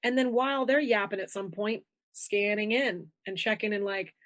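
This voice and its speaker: Animated woman coach, dry close sound. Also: moderate pace, hardly any pauses, dry recording. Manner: animated, acts out inner voices with shifting pitch. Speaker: intuition coach, guest. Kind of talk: conversational interview.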